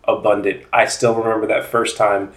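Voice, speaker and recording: A man with a lowish voice talks with enthusiasm, recounting shared memories in a casual chat. His voice carries a roomy echo. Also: little pitch movement, normal speed, a bit bright.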